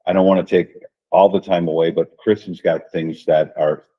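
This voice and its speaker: A man's voice: sits low, steady tone, moderate pace, husky, lo-fi sound. A man speaking at a school board workshop as a district administrator, folksy and repetitive, often checking in with "right?". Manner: folksy, repeats phrases, says "right?" often.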